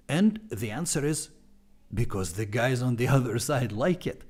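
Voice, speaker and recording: A man with a heavy Russian accent, a Russian native speaker, walking through his course on a live stream in a playful, animated way. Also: medium pitch, normal speed, husky. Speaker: online language teacher.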